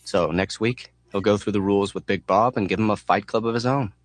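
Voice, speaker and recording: A man reading an audiobook in a measured, deadpan way. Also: fairly low pitch, no echo, faint music behind. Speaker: audiobook narrator. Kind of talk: audiobook narration.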